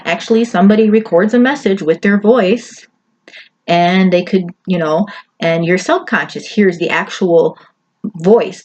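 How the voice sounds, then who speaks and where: A woman giving a casual lecture over slides, chatty and often checking in with her listeners. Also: mid-range voice. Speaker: presenter. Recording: dull lo-fi audio with faint noise.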